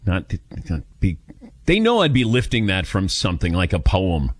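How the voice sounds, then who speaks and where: Lively low-voiced radio host. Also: male voice, dry recording, studio quality. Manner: lively, wry delivery with quick reads. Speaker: sports talk radio host. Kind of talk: sports radio show hosting.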